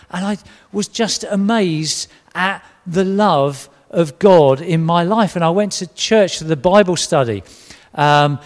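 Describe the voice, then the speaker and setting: Earnest man in a reverberant hall. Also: high-pitched. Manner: earnest, emotional storytelling with many restarts. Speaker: church member giving testimony. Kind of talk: personal testimony interview.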